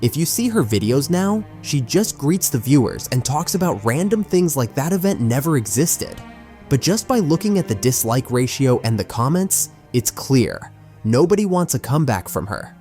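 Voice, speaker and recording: A man's voice: medium pitch, big pitch swings, moderate pace, a little mellow, soft background music. A man narrating a documentary in a critical, emphatic storytelling manner. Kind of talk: scripted narration.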